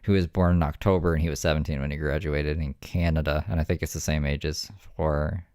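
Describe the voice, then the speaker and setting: Young man, very deep voice, blunt casual streamer, swears freely, dry close audio. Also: steady tone, a little fast, darkish tone, no room sound. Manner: blunt, swears, laid-back explaining. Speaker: streamer and host.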